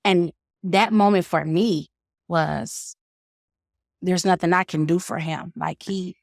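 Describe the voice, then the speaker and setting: A woman's voice: lowish voice, steady tone, slow pace, creaky, no echo, studio quality. Middle-aged mother telling her son's story. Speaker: podcast guest, mother. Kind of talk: casual conversation.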